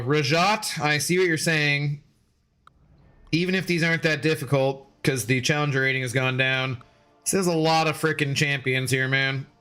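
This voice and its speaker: His medium-pitched voice is smooth and a bit bright. The man streams a game and chats casually with his audience, answering their messages, cracking jokes and laughing a lot.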